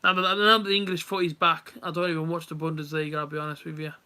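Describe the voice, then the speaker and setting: A man's voice: a little high, flat delivery, fast, sharp tone, smooth. A young man chatting casually to viewers while he watches a match live and comments on it. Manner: chatty, rambling, talks straight to viewers. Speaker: live stream host.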